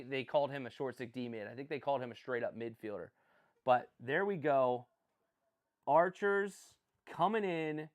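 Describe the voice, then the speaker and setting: Animated rambling man commentating live. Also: on the high side. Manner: rambling, jokey, self-deprecating, chats with viewers. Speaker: livestream host.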